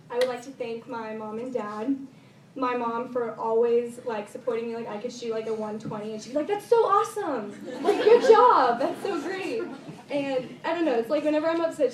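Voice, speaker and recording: A woman's voice: fairly high pitch, slight background noise. A teenage girl giving a rambling, heartfelt thank-you speech at a golf banquet, full of "like" and "um". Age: teens. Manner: bubbly, rambling, lots of "like" and "um". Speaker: high school golfer giving a banquet speech. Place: banquet room. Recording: echoey room from far off with loud ambience.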